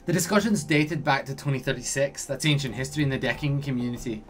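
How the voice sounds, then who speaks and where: A man's voice: mid-range voice, fast talker, close to an everyday voice. A man voicing the formal, stiff simulacrum of a woman hacker in a video game. He reads the lines precisely and formally.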